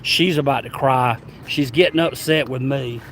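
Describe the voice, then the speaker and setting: A man's voice: mid-range voice, moderate pace, slight background noise. Rambling Southern man telling a story. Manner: animated, rambling, stammering restarts. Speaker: travel vlogger. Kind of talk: casual storytelling.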